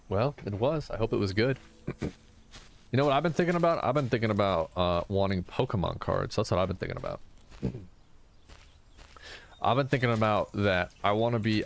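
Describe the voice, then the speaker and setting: A man in his thirties, a streamer chatting casually while gaming, soft-spoken because he is tired and low on energy. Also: vocal fry, a little hiss or hum. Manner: soft-spoken, reading and answering chat.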